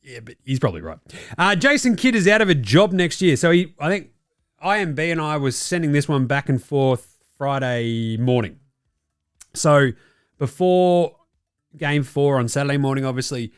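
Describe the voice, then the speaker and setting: A man's voice: a little high, moderate pace, clear, resonant tone, no echo, studio quality, soft background music. An Australian man hosting a basketball podcast, giving blunt, profane opinionated commentary. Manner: profane, ranting, does mocking quoted voices. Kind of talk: opinionated sports commentary chat.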